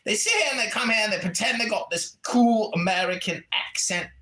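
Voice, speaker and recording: A man putting on the voice of a loud, scornful male American patriot who rants and shouts in a wailing tone. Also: sits high, fairly quick, echoey room. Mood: scolding. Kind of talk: mocking character voice in an audio chat room.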